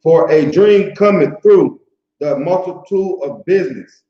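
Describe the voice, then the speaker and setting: A man slowly and deliberately reading Bible verses aloud in a study group. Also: on the high side. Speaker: scripture reader. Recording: dull echoey room audio.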